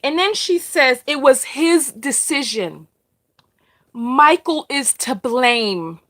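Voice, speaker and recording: Chatty woman with a higher voice. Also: lively intonation, slow pace, fairly bright tone. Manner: chatty, repeats herself, asks "right?". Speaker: host of a live discussion. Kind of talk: casual live-stream commentary.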